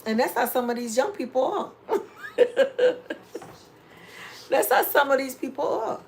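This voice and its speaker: A middle-aged woman vlogger chatting casually on a live stream, reading viewer comments and giving preachy, animated life advice. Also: sits high, a little slow, creaky, a little hiss or hum. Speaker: home DIY vlogger.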